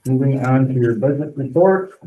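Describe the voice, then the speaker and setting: A man chairing a board meeting, reading the budget report with many pauses and ums. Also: mid-range voice, warm tone, dull audio, slight background noise. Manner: halting, many ums and uhs. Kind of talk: meeting business.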